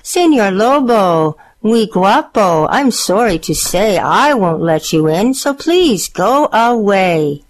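A woman voicing a polite, timid little tamale in a storybook reading, speaking slowly. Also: medium pitch, big pitch swings, rough recording. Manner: polite and slow.

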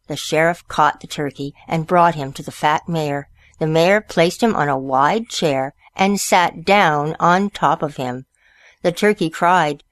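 A woman storyteller reading picture books aloud in a slow, expressive way. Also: on the low side, no echo, soft background music.

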